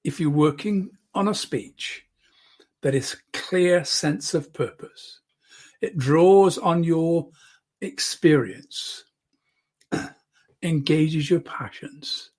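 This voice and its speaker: Husky-voiced man coaching public speaking. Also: on the high side, extremely slow, long pauses. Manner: demonstrative, often drops to a soft, close voice. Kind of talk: online speaking lesson. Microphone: microphone close to the speaker.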